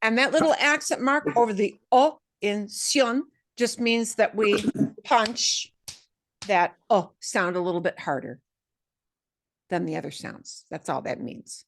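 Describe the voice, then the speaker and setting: A woman teaching a beginner Spanish class online. She models words slowly and adds playful asides. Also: medium pitch, dry recording, studio quality.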